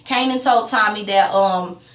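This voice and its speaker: Animated woman in an echoey room. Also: mid-range voice, measured pace. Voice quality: animated, profane, slangy. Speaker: TV recap vlogger. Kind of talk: casual TV episode recap. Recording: echoey room, distant mic.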